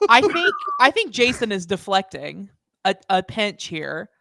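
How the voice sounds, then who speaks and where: A woman's voice: mid-range voice, very animated, unhurried, gravelly, noisy background. A woman guesting on a casual podcast, sassy and joking.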